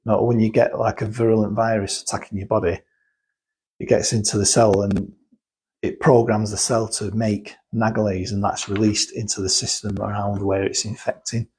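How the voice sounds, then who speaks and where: A man's voice: lowish voice, little pitch movement, moderate pace, a little mellow, breathy edge, low-quality recording. A man talking casually and explaining things step by step, thinking aloud and restarting sentences as he goes. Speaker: guest explaining cosmetic chemicals. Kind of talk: casual chat.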